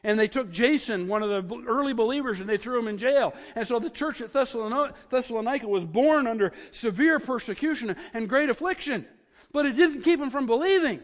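A man preaching a sermon as pastor, getting excited and repeating words as he builds up. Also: very high-pitched, fairly quick, in a large hall.

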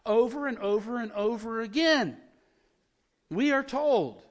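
A man preaching a sermon as pastor, getting excited and repeating words as he builds up. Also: high voice, moderate pace, long reverb tail.

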